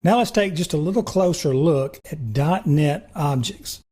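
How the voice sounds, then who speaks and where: A man instructor narrating a screen-recorded programming tutorial, talking through each step in a relaxed, reassuring way. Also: on the high side, a little slow, husky.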